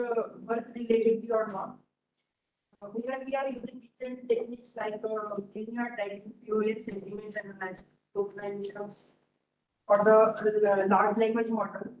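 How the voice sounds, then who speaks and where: A woman student asking a question in a lecture, hesitant and searching for words. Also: on the high side. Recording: distant, echoey, dull room mic.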